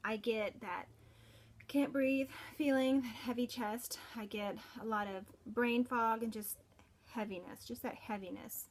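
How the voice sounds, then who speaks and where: A middle-aged mother telling her story as a personal testimonial, earnest and halting, with frequent restarts. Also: a little high, steady tone, slight background noise. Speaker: parent giving a product testimonial.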